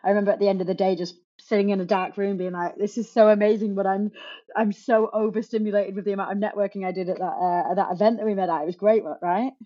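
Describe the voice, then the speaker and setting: A woman's voice: medium pitch, fairly even intonation, fast, warm tone, muffled recording. A woman, a podcast guest telling her story in a chatty, laughing way. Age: 30s. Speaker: podcast guest, remote work coach. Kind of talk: casual interview chat.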